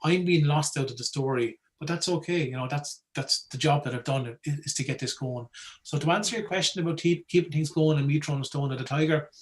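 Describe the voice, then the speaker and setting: Casting note: Wexford Irish man, rapid and animated, chatty guest, slightly higher voice. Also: poor audio. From Ireland. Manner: animated, chatty, peppered with "right?". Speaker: folklore collector, guest speaker. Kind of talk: casual talk.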